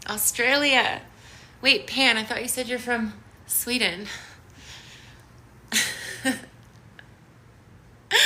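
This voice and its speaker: A woman with a bright, lightly high voice guides a yoga flow at a very unhurried pace. Her soothing instructions alternate with bubbly hellos to viewers, over a faint hiss from a device mic in a home room. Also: fairly even intonation. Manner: slow, soothing cues mixed with bubbly greetings to viewers. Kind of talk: live-streamed yoga class with chat greetings. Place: home studio in downtown Los Angeles.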